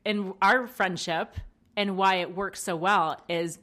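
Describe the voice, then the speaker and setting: A woman's voice: medium pitch, fairly even intonation, takes it slowly, pushed and bright. Young woman podcast co-host, giggly, easy casual chat. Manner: laughs and giggles often.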